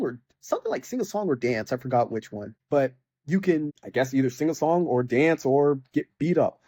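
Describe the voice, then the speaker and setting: With a medium-pitched, mellow, animated voice, a young man rants about a video game a little fast, hardly pausing. He rambles, leans on fillers, and mocks the characters in exasperated bursts, and the recording is dry.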